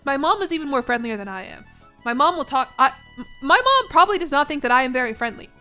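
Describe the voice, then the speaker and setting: A woman's voice: high voice, very animated, quick pace, pushed and bright, faint music behind. A young American woman streaming a game and chatting casually with her audience, in a rambling, self-conscious way. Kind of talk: casual chat with a live chat.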